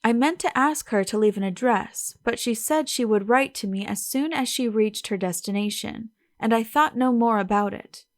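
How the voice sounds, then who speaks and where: A woman's voice: a little high, moderate pace, few pauses, no echo, studio quality, natural voice. Audiobook figure: flustered older lady of the house, read by a woman.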